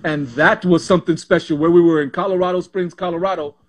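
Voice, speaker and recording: A man in his sixties tells his stories in a fairly high voice. He is animated and quick to repeat and restart his words as the memories spill out. He speaks as a guest in a relaxed interview. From Panama. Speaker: former pro basketball player, guest. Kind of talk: casual interview storytelling.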